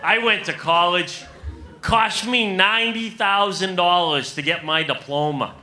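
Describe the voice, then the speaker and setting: A man's voice: high voice, a little slow, sharp tone, faint music behind. A man in his thirties doing a stand-up comedy set on a club stage, delivering punchy jokes and calling the crowd "folks.".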